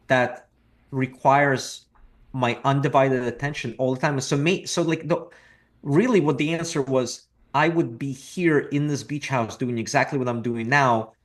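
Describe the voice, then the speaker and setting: A middle-aged man from Russia, a real estate investor talking as a podcast guest in a reflective, repetitive way with dry jokes. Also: medium pitch. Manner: reflective, repeats words, dry joking. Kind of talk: casual interview talk.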